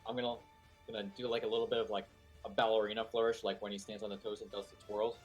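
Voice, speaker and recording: A man with a lowish, husky voice plays a tabletop game. He describes his character's actions in a rambling, laid-back way, often sliding into a quiet mumble. Faint music sits behind him. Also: level tone, fast. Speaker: player. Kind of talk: casual tabletop play.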